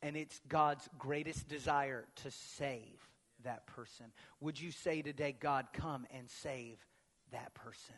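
A male pastor preaching a sermon, swinging between booming emphatic proclamation and hushed, near-whispered lines. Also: fairly even intonation, slow pace. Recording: long reverb of a large hall.

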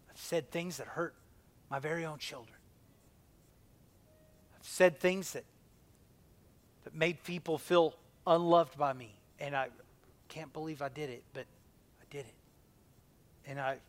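A man in his forties preaches with a somewhat high voice. He drives lines hard, then drops to a hushed near-whisper for tender moments. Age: 40s. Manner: impassioned, swinging from loud emphasis to a hushed near-whisper. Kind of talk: sermon.

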